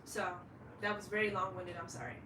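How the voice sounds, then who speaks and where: A woman's voice: fairly low pitch, steady tone, a little fast, reverberant, far from the mic, noisy background. A woman in her late twenties, a fashion designer, talking candidly in a rambling vlog monologue and swearing freely. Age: late 20s.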